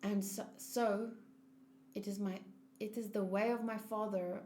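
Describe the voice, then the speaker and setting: A woman's voice: medium pitch, fairly even intonation, a little slow, mellow, a little hiss or hum. A woman hosting a manga read-along, chatting casually with her own commentary and often breaking off mid-thought. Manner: chatty, self-interrupting. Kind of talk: casual commentary while reading aloud. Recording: roomy echo.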